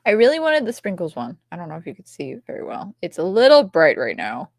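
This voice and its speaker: A woman co-hosting a casual livestream chat, playful, sometimes dropping into soft whispers as she shows off her toys. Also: lowish voice, huge pitch swings, quick pace, dry recording, studio quality. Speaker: co-host.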